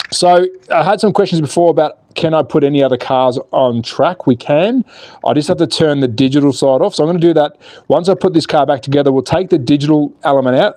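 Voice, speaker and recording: Chatty Australian man, slightly higher voice. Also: warm tone, no echo. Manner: chatty and joking, reads viewer comments aloud. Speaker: slot car livestream host. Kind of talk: casual livestream chat.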